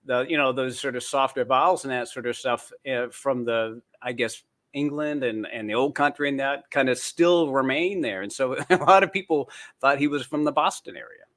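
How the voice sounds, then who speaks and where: Bright-voiced man telling rambling stories. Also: medium pitch, moderate pace. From born in Canada, raised in the United States. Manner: animated, rambling storyteller. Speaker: guest author. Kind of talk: casual interview chat. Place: home in New Zealand.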